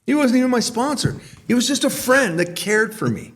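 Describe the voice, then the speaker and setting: A man's voice: very high-pitched, animated, moderate pace, a bit bright, a little hiss or hum. A man co-hosting a recovery podcast who teases his partner and reads passages aloud. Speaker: podcast co-host. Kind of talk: casual recovery group discussion.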